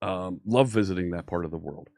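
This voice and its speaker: With faint synthwave music behind him, a man with a low, slightly mellow voice talks briskly, free of room sound. He hails from Philadelphia, USA, carries a light accent from there, and hosts a casual, upbeat programming live stream from his home studio, greeting viewers by name.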